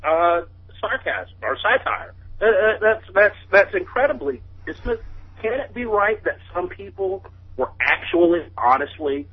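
A man calling in to a radio show, earnest and halting, with lots of stammered restarts. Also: high-pitched, slightly rough. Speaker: caller. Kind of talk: phone-in call. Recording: tinny phone line.

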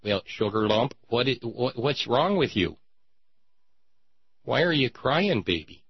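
A man's voice: mid-range voice, very animated, slow, breathy edge, no room sound, lo-fi sound, heavily acted. A man voicing a doting, pious parent who fusses over a child in sugary baby talk. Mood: cooing.

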